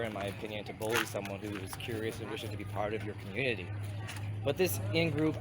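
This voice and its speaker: A vlogger and community founder with a mid-range voice and a cold rambles casually while walking outdoors through town to a river. His talk is conversational and self-correcting, and outdoor street noise comes through clearly.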